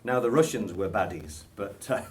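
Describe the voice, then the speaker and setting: A man's voice: lowish voice, animated, moderate pace. A British man in his sixties with a British accent, answering interview questions in a hesitant, chuckling way full of ums. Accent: British English. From Britain. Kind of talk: casual interview.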